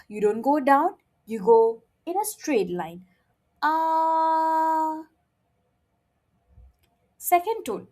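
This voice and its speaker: A woman's voice: a little high, a little mellow. A woman teaching a friendly beginner Mandarin lesson, often checking in with "okay?" in a playful, encouraging way.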